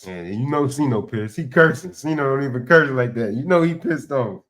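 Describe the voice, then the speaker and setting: A man's voice: medium pitch, lively intonation, normal speed, fairly bright tone. A man, casually reacting to a clip and agreeing. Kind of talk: casual chat.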